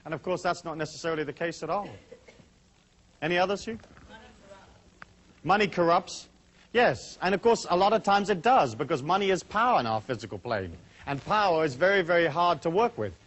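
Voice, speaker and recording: A middle-aged man leading a seminar in front of a small audience, chatty and brisk, full of asides. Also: a little high, lively intonation, fairly bright tone. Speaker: seminar speaker. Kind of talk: talk to a live audience.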